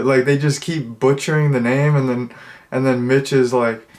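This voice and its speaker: A man's voice: mid-range voice, steady tone, moderate pace. Rambling young man reviewing a movie. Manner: rambling, full of "like" and restarts. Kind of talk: casual video review.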